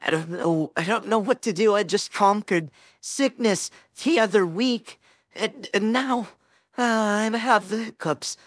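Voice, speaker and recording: A woman's voice: mid-range voice, unhurried, no echo, studio quality, lightly acted. A woman voicing a flustered teenage boy hero-in-training, rambling anxiously and talking himself up in a listener role-play. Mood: pleading. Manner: rambling, anxious, self-encouraging.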